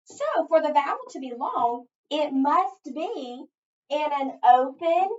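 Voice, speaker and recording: Lady teacher going slow through phonics, voice kinda high, sounds far off in an echoey room, a bit muffled. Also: expressive, a little mellow. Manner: slow, patient, asks and answers her own questions. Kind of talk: phonics lesson demo.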